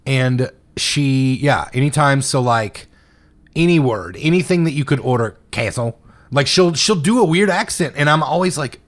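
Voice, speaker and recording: A young man co-hosts a casual podcast, joking and rambling as he talks. He laughs often, and his voice sits in a middle pitch. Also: lively intonation, moderate pace. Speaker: podcast co-host. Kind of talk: casual chat.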